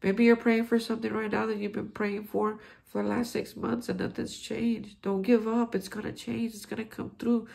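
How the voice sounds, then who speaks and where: A man's voice: high voice, flat delivery, normal speed, creaky, few pauses, darkish tone. A man hosting a daily recovery reflection, speaking in an earnest, encouraging way with frequent restarts. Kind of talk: heartfelt spiritual recovery talk.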